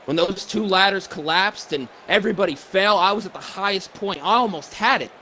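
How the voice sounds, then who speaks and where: Voiced by a man, this is a worn-out, emotional wrestler cutting a promo, stumbling over his words in halting restarts. His voice sits a touch high, with faint background hiss. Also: sharp tone. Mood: earnest. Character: weary, emotional male wrestler, middle-aged, soft-spoken. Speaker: fan performer voicing a pro wrestler. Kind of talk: wrestling promo role-play.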